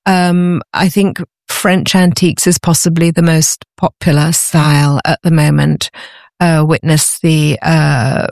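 Appearing as a guest on a relaxed podcast, an antiques business owner from Britain speaks warmly, tending to repeat words at the start of her sentences. Her voice is low-pitched, fairly even, and unhurried, and the sound is dry and clean, like a studio.

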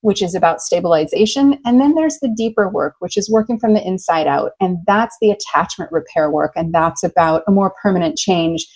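An American woman working as a love coach, telling stories in an enthusiastic, expressive way during an interview. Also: lowish voice, fairly quick, few pauses, low-quality recording. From United States. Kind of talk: conversational interview.

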